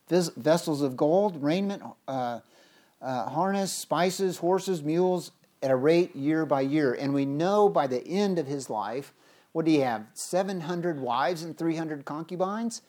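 A preacher giving a sermon, reading scripture aloud emphatically with big swings in pitch and loudness, often restarting words. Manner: stumbles and restarts words mid-phrase.

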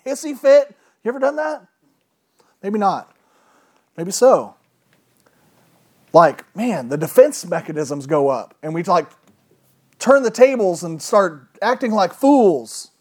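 Male preacher, slightly high voice, casual and emphatic, asks the congregation questions. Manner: conversational, emphatic, rhetorical questions. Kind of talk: sermon.

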